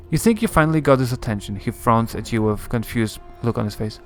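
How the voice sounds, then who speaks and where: A man hosting a let's-play, reading game text aloud in steady narration with small slips. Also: medium pitch, brisk, few pauses, faint music behind.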